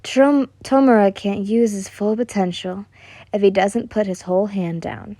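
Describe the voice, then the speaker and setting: A woman voicing a calm father who explains things to his young daughter in a measured way. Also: mid-range voice, dry recording, lightly acted. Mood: instructive.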